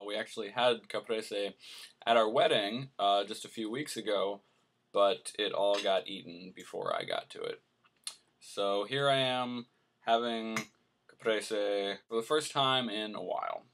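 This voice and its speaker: Man, cooking vlog host, bright voice, playful, tall tales, home kitchen. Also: lowish voice, expressive, a little slow, gravelly. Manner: hums to himself while cooking.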